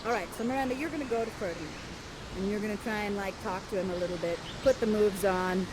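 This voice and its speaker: A woman's voice: medium pitch, quick pace, noisy background. A woman performing interactive live theater, guiding the audience through the scenes in a playful, theatrical, encouraging way.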